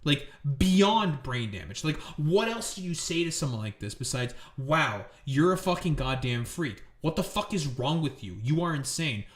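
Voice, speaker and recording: A man's voice: fairly high pitch, lively intonation, moderate pace, few pauses. A man hosting his stream with a political commentary rant. He talks in a profane, angry and sarcastic way. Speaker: streamer host. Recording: echoey room.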